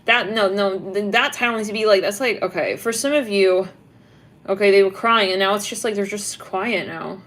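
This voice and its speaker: A young woman reads tarot casually, giggly and meandering, with "like" in nearly every phrase. She speaks at a moderate pace in a mid-range voice that's a little bright.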